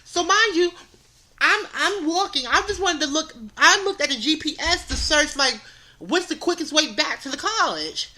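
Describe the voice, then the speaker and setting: Speaking at a normal speed in a high voice, this young woman co-hosts a podcast and spins a funny, fed-up story. She's lively and exasperated, doubling up words for comic effect in a relaxed, storytelling mode.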